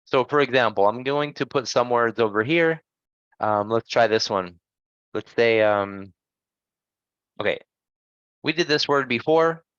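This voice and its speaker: A man teaching English pronunciation in an online lesson, patient and encouraging, gently correcting his students. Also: medium pitch, measured pace, long pauses, clean tone, no room sound, muffled recording.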